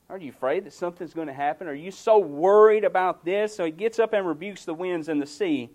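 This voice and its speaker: A man preaching a sermon to his congregation, earnest, swinging between raised emphasis and quiet, drawn-out asides. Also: sits high.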